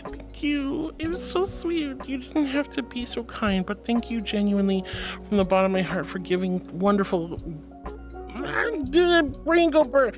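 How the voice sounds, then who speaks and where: A streamer chats casually and reads out viewer messages, calling everyone sweetie and honey. She's animated, swinging between high squeals and low mutters at a moderate pace. Music plays in the background.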